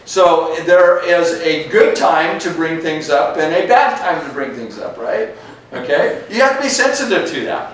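A man's voice: a little high, fairly bright tone. A man preaching a verse-by-verse sermon as a pastor, in a conversational manner that keeps checking in with "okay?" and "right?". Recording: echoey room from far off, faint noise.

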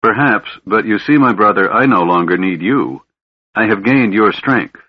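Brief: man doing ruthless young male mage, soft cutting delivery, husky tone. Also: fairly low pitch, expressive, moderate pace, dry recording, highs cut off. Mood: cold.

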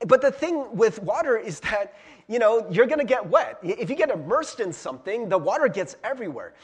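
Lively, husky-voiced man preaching a sermon. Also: high voice, a little fast. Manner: conversational preaching with frequent "right?" asides; relaxed, laughs at himself. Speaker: pastor. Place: church sanctuary. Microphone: handheld or stand mic.

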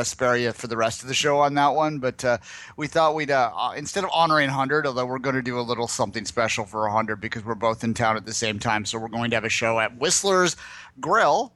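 A man's voice: medium pitch, a bit bright. A man hosting a podcast from Canada, chatting casually and joking around. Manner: jokey, playful, drawn-out words. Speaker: podcast host.

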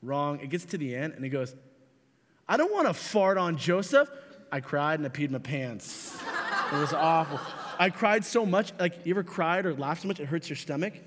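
Young male youth pastor, a bit high-pitched, jokey storyteller, reverberant hall. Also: brisk, a little hiss or hum. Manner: animated, jokey storyteller who addresses the audience directly. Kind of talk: youth sermon with comic storytelling.

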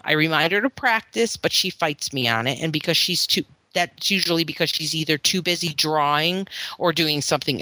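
A woman's voice: sits low, bright, forceful tone, no echo. A woman in her thirties, a mother, chatting casually on a podcast and often laughing as she tells stories about her kids. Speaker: podcast host; mother of children in therapy. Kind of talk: casual chat.

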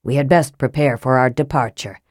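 A cool, calculating young wizard who speaks in flat, measured sentences, as a woman voices him. His voice sits low and even, recorded close and dry like an audiobook read. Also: dry recording.

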